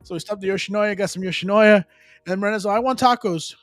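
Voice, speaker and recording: Chatty man, high voice. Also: flat delivery, very fast, no echo. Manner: rambling, loose storytelling with slang and Spanish asides. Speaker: live stream host. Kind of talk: casual chat.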